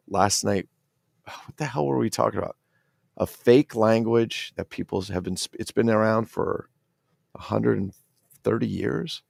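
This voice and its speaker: A middle-aged man with a New Jersey accent hosts a casual livestream, excitable and profane, rambling as he reads out chat comments. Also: low voice, gravelly, no room sound, studio quality. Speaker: toy collector livestream host.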